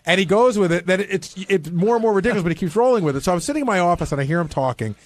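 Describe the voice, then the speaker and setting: A man's voice: high voice, lively intonation, very fast. A man hosting a radio talk show, questioning a guest bluntly in a casual studio chat. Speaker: radio host.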